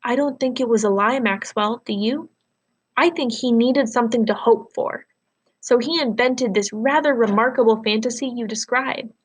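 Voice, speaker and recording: A teacher reading aloud as a gentle, weary doctor. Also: female voice, on the high side, moderate pace, husky. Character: kind tired female doctor, gentle.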